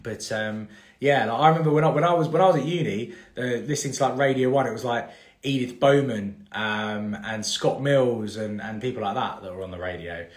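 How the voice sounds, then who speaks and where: A man's voice: mid-range voice, fairly quick. A man, hosting a casual live-stream Q&A about mortgages and rambling through fillers and restarts. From England. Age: 30s. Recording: echoey room.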